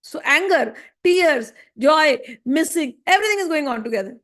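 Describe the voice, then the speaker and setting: A woman's voice: high voice, expressive, normal speed, fairly bright tone. A woman, teaching a devotional class in a storytelling way and often checking in with her listeners. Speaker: spiritual teacher.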